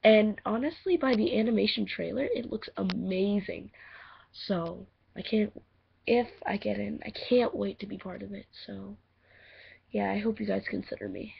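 Rambling, giggly teen girl, gravelly voice. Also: medium pitch, moderate pace. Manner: rambling, giggly, self-deprecating. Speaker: voice acting auditioner. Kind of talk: casual audition vlog. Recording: muffled lo-fi home mic.

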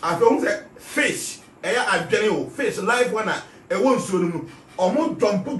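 A man's voice: sits high, expressive, normal speed, a bit bright, echoey room, recorded from a distance, slight background noise. A man with a Ghanaian accent giving an emphatic spiritual talk, repeating his key phrases. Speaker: spiritual teacher.

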